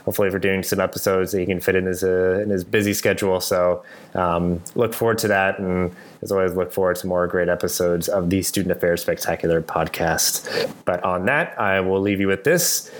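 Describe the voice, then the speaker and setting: A man's voice: sits low, steady tone, a little fast. A man hosting a podcast in casual chat from his office, rambling with lots of fillers. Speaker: podcast host.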